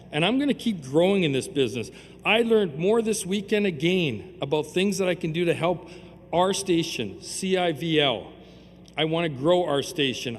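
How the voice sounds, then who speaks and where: A man's voice: a little high, a little hiss or hum. A man, giving a rambling, heartfelt acceptance speech at an awards ceremony. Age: 60s. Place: large hall at an awards ceremony. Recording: reverberant hall with faint ambience.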